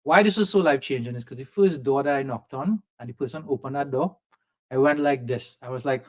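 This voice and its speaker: A man from Trinidad with a softened Trinidadian accent, telling a lively personal story as a podcast guest and acting out the voices of people he quotes. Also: medium pitch, fairly quick. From Trinidad and Tobago. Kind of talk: storytelling in a conversation. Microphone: video call setup.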